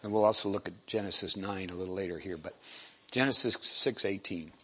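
A man giving a sermon, halting and repeating words, often clearing his throat. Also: deep voice, fairly bright tone, rough recording. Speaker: lay preacher.

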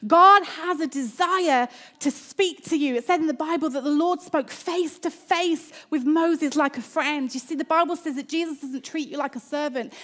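A woman preaching a sermon in church, emphatic, repeating her phrases and calling for an amen. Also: high-pitched.

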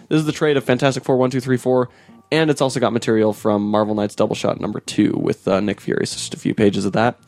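Relaxed man hosting a comics chat. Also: on the low side, fast, vocal fry. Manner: laid-back, laughs often, trails off with fillers. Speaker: podcast host. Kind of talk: casual chat about comics.

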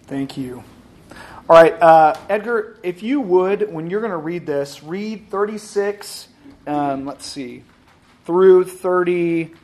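A man's voice: high voice, takes it slowly, a little mellow. A man teaching a Sunday school class, upbeat and joking as he calls on readers. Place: church classroom.

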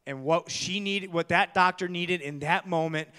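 A male pastor preaching a sermon in a church, telling stories with jokes and building to loud, shouted preaching. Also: high voice, moderate pace, clear, resonant tone, in a large hall. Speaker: guest pastor.

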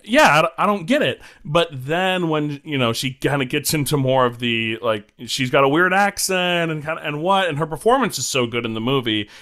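A man in a casual film discussion, relaxed and measured, often agreeing with the others. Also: on the high side.

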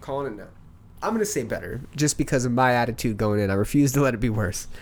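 A man co-hosting a podcast in casual chat, swearing freely and joking in quick repeated bursts. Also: mid-range voice, expressive. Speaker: podcast co-host.

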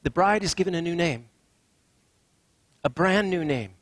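A man preaching a sermon as a pastor, swinging from hushed, drawn-out phrases to emphatic lines. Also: fairly high pitch, expressive, dry recording.

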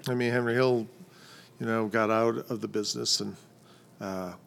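A man's voice: lowish voice, fairly even intonation, moderate pace, vocal fry, slight background noise. A man in his fifties chatting casually on a podcast, rambling and hesitant, with many fillers. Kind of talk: casual chat.

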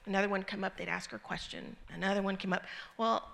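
A woman's voice: medium pitch, steady tone, fast, creaky, a bit bright. A middle-aged woman giving an informal sermon to a small group, talking in a conversational, earnest way with frequent ums and restarts. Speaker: church speaker teaching a group. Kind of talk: informal sermon with personal story.

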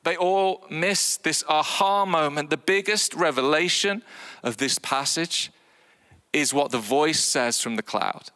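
A man preaching a sermon, animated and acting out voices with big swings in pitch. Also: unhurried, big-room sound.

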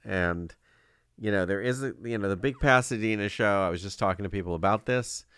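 A man co-hosting a podcast, chatting in an easygoing, conversational way. His voice sits a little low. The sound is dry and close to the mic. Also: fairly quick, fairly bright tone, clean tone, no echo. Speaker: podcast co-host. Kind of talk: casual chat.

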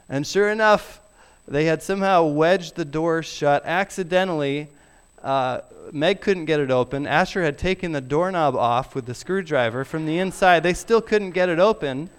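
A middle-aged man preaching a sermon, emphatic and deliberate, sometimes dropping his voice very low. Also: lively intonation, smooth. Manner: slow, emphatic preaching with soft drops to near whisper. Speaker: pastor.

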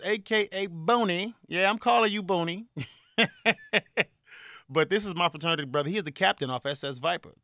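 Animated, joking Chicago man, bright voice. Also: fairly high pitch, no echo, clean studio sound. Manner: animated and joking, laughs often. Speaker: podcast host. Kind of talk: casual solo podcast monologue.

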